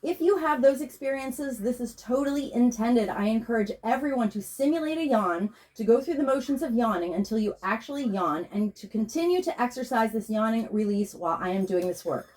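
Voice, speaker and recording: A woman who works as a tarot reader and energy healer, speaking in a calm, measured, invocational way as she leads a guided meditation and chants a repeated prayer. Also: on the high side, low-quality recording.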